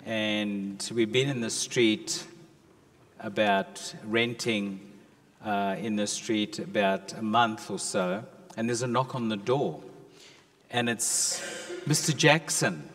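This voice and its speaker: A man, a pastor addressing his church in a chatty storytelling way. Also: lowish voice. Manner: slow, chatty storytelling with warm asides. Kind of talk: casual address to a congregation. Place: church hall. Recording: long church hall reverb.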